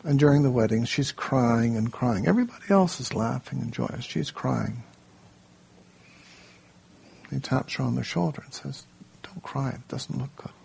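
A man leading a workshop, telling a story in an unhurried way, then giving a group plain instructions in a room. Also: mid-range voice, lively intonation, creaky, darkish tone, breathy edge. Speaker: workshop leader.

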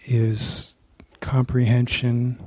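A man's voice: mid-range voice, completely flat delivery, very slow, darkish tone, no room sound. A man asking his teacher a question about reading, speaking tentatively and searching for words.

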